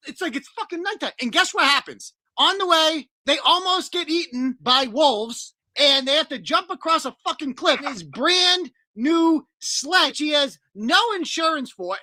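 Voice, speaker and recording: A man tears into a movie in a profane, sarcastic comic rant. His voice is high and bright, leaping around in pitch, and the recording is close and dry. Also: no room sound.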